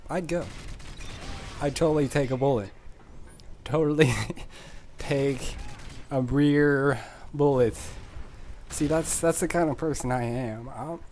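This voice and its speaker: A man rambling through casual game commentary in a sarcastic, deadpan joking manner, recorded on a desk mic as a voice-over. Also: medium pitch, a little hiss or hum. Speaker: gameplay commentator.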